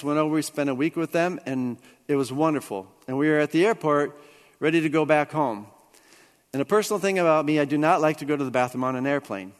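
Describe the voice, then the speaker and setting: A man preaching a sermon, telling a personal story with lively swings between hushed and excited delivery. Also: on the high side, long reverb tail. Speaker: pastor.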